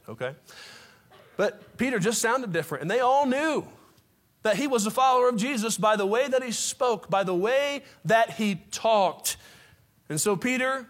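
Male pastor, high voice, fiery sermon delivery with casual asides to the congregation. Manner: impassioned, rising to near shouts.

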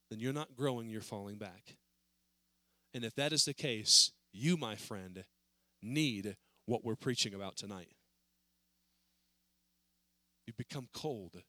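A man preaching a sermon in a church service, earnest, rising to pleading and then dropping low. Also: pushed and bright, no echo.

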